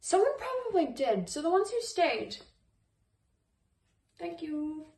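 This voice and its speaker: Playful high-voiced woman baking on camera. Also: sing-song, slow, darkish tone, echoey room, distant mic, rough recording. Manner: playful, goofy, makes silly noises. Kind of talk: casual baking vlog chat. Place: home kitchen.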